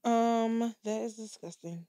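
A high-pitched woman co-hosts a casual podcast, her delivery slow and drawn out. She sounds exasperated, sighing that she's done with the topic. The recording is dry and close. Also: dark tone, no echo. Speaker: podcast co-host. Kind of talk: casual chat.

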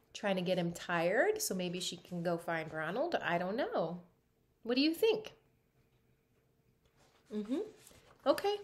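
A woman teacher reads a picture book aloud to her class and keeps pausing to ask the students what they think. Her voice sits fairly high and leaps up and down with a lot of expression. She sounds animated and engaging throughout. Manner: animated, asks the class questions.

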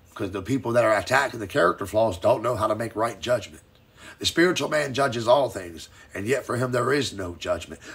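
In a live-streamed Bible lesson, a man with a breathy, mid-range voice preaches with fire and emphasis. His loudness shifts sharply up and down, and when he reaches scripture he reads it slowly and deliberately.

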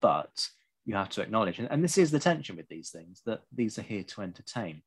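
A man with a very low, deep voice hosts a casual talk about a strategy game as he plays it. He speaks in a measured way with dry, wry asides, often pausing to weigh his words. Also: sing-song, slightly rough. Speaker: podcast host. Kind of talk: casual discussion while playing.

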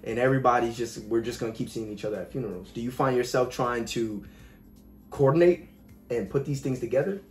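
A man hosting a podcast in a relaxed, reflective way, swearing casually as he chats. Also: medium pitch, fairly quick, soft background music. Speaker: podcast host. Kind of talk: casual chat. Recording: roomy, echoey room.

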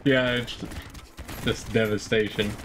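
A man's voice: fairly low pitch, steady tone, unhurried, a bit bright, slight background noise. A man chatting casually and joking with friends while playing a co-op game, laughing often. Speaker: co-op game player. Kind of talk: casual gameplay chat.

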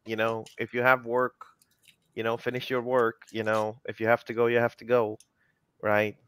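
A man's voice: mid-range voice, monotone, normal speed, fairly bright tone, smooth, no echo. A man hosting a live coding session, chatting casually and teasing his co-hosts, with lots of "you know".

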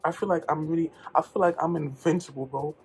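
A young man from New York tells a comedic storytime vlog, slangy and animated, with sudden loud outbursts. His voice has a gravelly edge, and faint music plays underneath. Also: fairly high pitch, fast. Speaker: vlogger.

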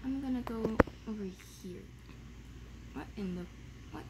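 A woman's voice: a little high, measured pace, heavy background noise. A woman gamer chatting casually while playing, frustrated and exclaiming, with dramatic complaints. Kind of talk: casual gameplay chat.

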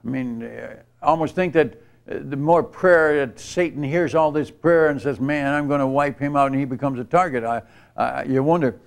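A man's voice: medium pitch, normal speed, gravelly. An older man giving a storytelling sermon at a church retreat, earnest and rambling, with many restarts. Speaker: missionary speaker. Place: church retreat camp gathering.

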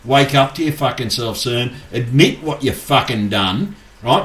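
A man's voice: medium pitch, lively intonation, unhurried, a bit bright. A man angrily ranting to his viewers, swearing constantly and agitated. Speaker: YouTuber. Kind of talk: angry rant to camera. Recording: echoey room.

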